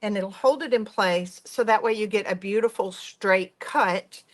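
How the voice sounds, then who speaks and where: A woman's voice: medium pitch, unhurried. Woman hosting a live soap-making demo, bubbly and talkative. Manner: chatty, enthusiastic, gushing. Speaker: workshop host. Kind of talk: live product demonstration.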